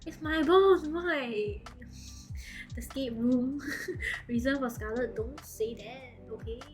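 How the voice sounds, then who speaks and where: Young Singaporean woman streamer, high pitch, giggly, rambling chat, faint music underneath. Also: slow pace. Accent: Singaporean English. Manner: giggly, rambling, laughs often. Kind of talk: casual chat with live viewers.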